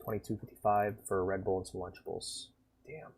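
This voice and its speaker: A man streaming and reacting to videos in loose, profane casual chat, swinging between loud outbursts and mutters. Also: on the low side, flat delivery, a little fast, breathy edge. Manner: loose and profane, bursts of laughter.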